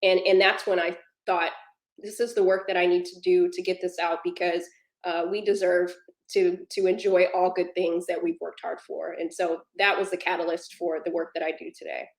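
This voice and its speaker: A woman speaking on a panel, earnest and personal, her voice held to a narrow, steady pitch as she builds toward emphatic lines. The sound is echoey, as in a reverberant room. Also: moderate pace.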